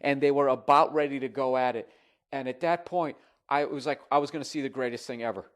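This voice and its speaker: A man telling a comic story in an exasperated, animated way, swearing often. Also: medium pitch, brisk. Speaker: comedian.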